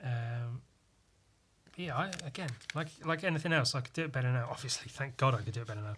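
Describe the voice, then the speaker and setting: Self-mocking young man, bright voice. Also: medium pitch, fast, slight background noise. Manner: self-mocking, swearing, rambling. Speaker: vlogger. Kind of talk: casual commentary.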